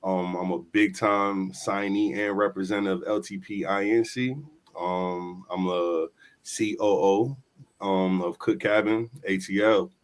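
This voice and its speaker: A man's voice: low-pitched, little pitch movement, a little slow. A man guesting on an interview show as a hip-hop artist, laid-back, repeating himself as he introduces himself. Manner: laid-back, repeats himself, says "you know what I'm saying".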